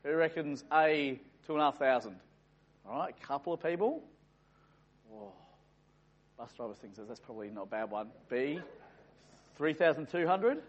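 A muffled lo-fi clip captures an Australian man leading a quiz for a room full of people. He speaks at normal speed in an expressive, fairly high voice, often pausing. He teases the crowd and chats with them as playful quizmaster banter.

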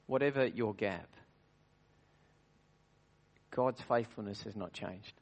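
A man's voice: on the low side, slow. Earnest man preaching a communion sermon. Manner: earnest, varies loudness widely, drops to near-whisper at times; frequent restarts and rhetorical questions. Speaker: pastor.

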